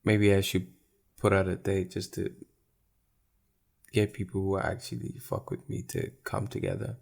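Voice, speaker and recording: Guy in his 20s, deep-ish gravelly voice, rambling honest solo podcast chat. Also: little pitch movement, normal speed, darkish tone. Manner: candid, rambling, thinking aloud. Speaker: podcast host.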